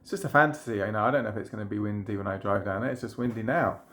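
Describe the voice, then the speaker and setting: A man, a trauma healing practitioner, calmly guiding viewers through a tapping exercise with gentle, repeated phrases. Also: on the low side, rapid-fire. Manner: gentle, repetitive guided phrases. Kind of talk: guided tapping demonstration.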